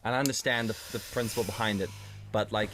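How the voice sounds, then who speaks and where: A man's voice: lowish voice, fast, noisy background. A man co-hosting a casual podcast chat, swearing freely and acting out little scenes as he talks. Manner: swearing, animated storytelling with acted-out voices. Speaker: podcast co-host.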